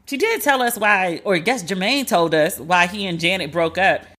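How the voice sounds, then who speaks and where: A woman hosting a podcast, chatting casually about celebrity gossip in an animated, sassy, profane way. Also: fairly low pitch, moderate pace. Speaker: podcast host.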